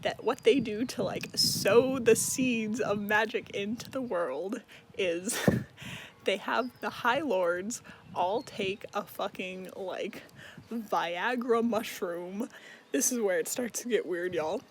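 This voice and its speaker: A man's voice: sits high, slow, a little hiss or hum, rough recording. A man giving a casual, rambling book recap. He swears often and laughs as he talks. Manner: rambling, profane, laughs a lot.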